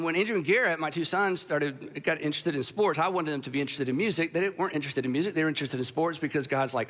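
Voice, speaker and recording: Bright-voiced pastor telling stories. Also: male voice, fairly high pitch. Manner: conversational storytelling with self-deprecating humor. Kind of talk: sermon to a live audience.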